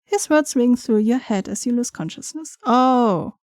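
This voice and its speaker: A woman's voice: a little high, animated, measured pace, a little mellow, dry recording. A young woman playing through a game, reading its text aloud with chatty, giggly asides. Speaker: gaming streamer.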